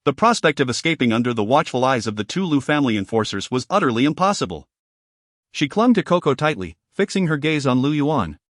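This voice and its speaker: A man narrating a serialized novel in an even, formal storytelling manner. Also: mid-range voice, brisk, no echo, studio quality. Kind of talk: scripted audiobook narration.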